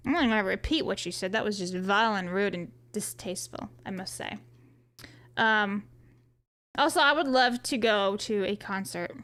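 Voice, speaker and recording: High-voiced, profane woman streamer. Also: measured pace, pauses often, fairly bright tone. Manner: joking, profane, chatty; reads viewer chat aloud and answers. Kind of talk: casual live-stream chat.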